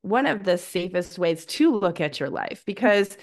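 A woman's voice: on the low side, expressive, moderate pace. Reflective, encouraging woman podcast co-host. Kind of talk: casual podcast chat.

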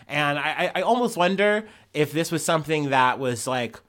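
A man's voice: fairly high pitch, fairly quick, hardly any pauses, fairly bright tone. Profane man ranting over news. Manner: profane, rambling, heated asides. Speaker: podcast host. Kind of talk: casual news commentary.

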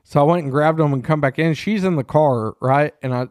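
A man co-hosting a podcast, telling a profane, animated story in casual chat. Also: a little high, a little fast, dry recording, clean studio sound. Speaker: podcast co-host. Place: small room.

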